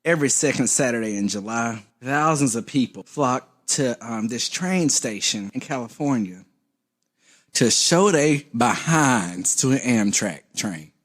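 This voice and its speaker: A man's voice: mid-range voice, expressive, unhurried, fairly bright tone. A man co-hosting a comedy podcast, telling a story in a laid-back, wry way with joking asides. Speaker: podcast co-host. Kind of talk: casual comedic chat.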